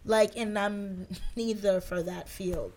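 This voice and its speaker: A woman from a Haitian family hosting a casual podcast, talking in a relaxed, conversational way. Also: mid-range voice, takes it slowly.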